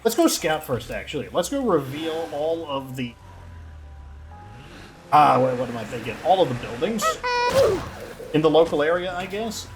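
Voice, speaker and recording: A man talks over a video game in a casual, rambling let's-play style, his voice sitting a bit high and swinging up and down with excitement. He keeps dropping "like" between thoughts as he reacts to what happens on screen. Game music plays clearly behind him the whole time. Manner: excitable, rambling, heavy use of "like". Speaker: gaming channel host.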